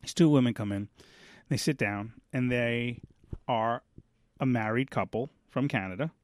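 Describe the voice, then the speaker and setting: A man's voice: mid-range voice, normal speed, no echo, clean studio sound. A man co-hosting a podcast, telling a rambling story in casual chat and losing his thread now and then. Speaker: podcast co-host.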